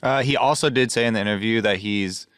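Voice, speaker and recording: A man on an esports analysis panel, speaking in a measured, reflective way with soft fillers. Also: on the low side, clear, resonant tone, no echo, clean studio sound. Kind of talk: casual panel discussion.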